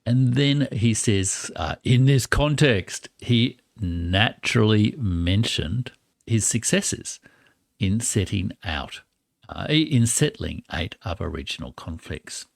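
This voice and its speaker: A male host giving live-stream commentary in a slow, deliberate way. His voice is gravelly with plenty of fry, and the sound is dry and close. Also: on the low side, animated, dry recording. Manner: deliberate, reading and explaining quotes.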